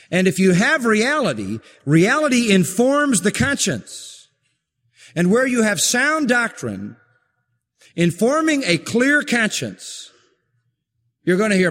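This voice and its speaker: Earnest male preacher in a reverberant hall. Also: high voice. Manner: earnest, emphatic, builds to forceful peaks. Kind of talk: sermon.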